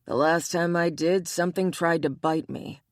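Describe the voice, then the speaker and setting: A woman's voice: lowish voice, fairly even intonation, normal speed, dry recording, studio quality, lightly acted. A woman voicing a big, protective male bear shifter in an audiobook, grumbling and dramatic.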